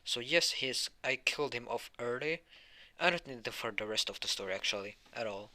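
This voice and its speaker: A man's voice: medium pitch, animated, fairly quick, bright, forceful tone. A man improvising a fan story, rambling with restarts and casual asides.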